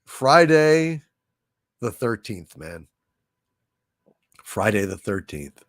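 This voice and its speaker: A man hosting a casual livestream, reading viewer messages aloud with loud exclamations and lots of fillers. He is sniffly, with an irritated throat from allergies. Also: fairly low pitch, very animated, extremely slow, no room sound, clean studio sound.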